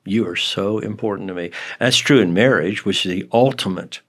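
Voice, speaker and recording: A man chatting as a podcast guest, explaining in an animated, counsel-like way. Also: lowish voice, moderate pace. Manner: animated, acts out quoted dialogue with laughs. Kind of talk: casual conversation.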